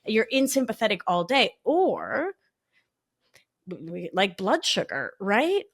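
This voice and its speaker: A talkative woman with a New York accent, joking and animated in a casual podcast chat. Her pitch sits in an ordinary middle range. She moves quickly from one joke to the next.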